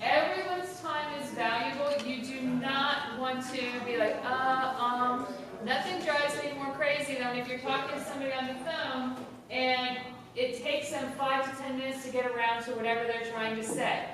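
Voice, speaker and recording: A woman teacher giving a brisk, instructive classroom lesson, tending to talk fast, recorded from far off in a large echoey room. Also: sits high, fairly even intonation, a crowd in the background. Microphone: camera far from the speaker. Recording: echoey hall audio from far off, background noise.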